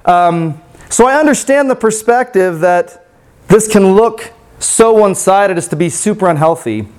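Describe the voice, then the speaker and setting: Brief: male preacher with a high voice, conversational and reflective, reads a story and then unpacks it. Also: animated, unhurried, darkish tone, clear, resonant tone. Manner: conversational, reflective, with many fillers. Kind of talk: storybook reading and sermon reflection.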